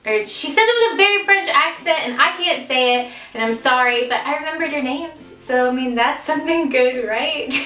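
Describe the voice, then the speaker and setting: Bright, chatty young woman in an echoey room. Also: sits high, lively intonation, moderate pace, distant mic. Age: 20s. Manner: chatty, giggly, self-deprecating, lots of fillers. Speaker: vlogger. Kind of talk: casual vlog storytelling.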